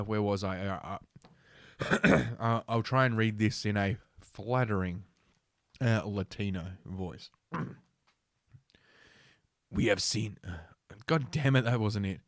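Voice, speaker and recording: A man's voice: on the low side, unhurried, smooth, no room sound, clean studio sound. Sardonic, profane male podcast host. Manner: sardonic, profane, reads articles with stumbles. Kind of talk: casual news commentary.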